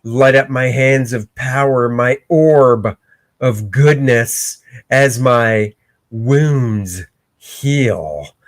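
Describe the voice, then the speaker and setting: A man's voice: mid-range voice, extremely slow. A man voicing a smug, theatrical male villain wizard who draws out his mock-menacing taunts. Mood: gloating.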